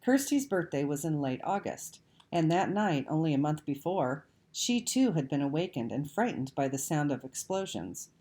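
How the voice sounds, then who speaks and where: A woman reading a children's novel aloud, measured and expressive. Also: sits low. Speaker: audiobook reader. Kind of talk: storybook read-aloud narration.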